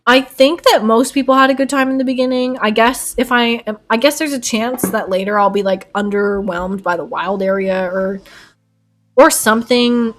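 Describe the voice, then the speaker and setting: A woman's voice: on the high side, normal speed. A woman streamer chatting casually with her live chat while she paints, bubbly and giggly and rambling, at her home desk.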